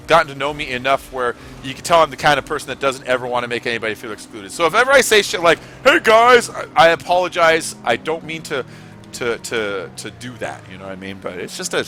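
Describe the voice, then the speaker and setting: A man's voice: mid-range voice, animated, fairly quick, sharp tone, soft background music. A man from California giving rambling, chatty commentary while playing a racing game, swearing freely. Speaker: gaming streamer. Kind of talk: casual gameplay commentary.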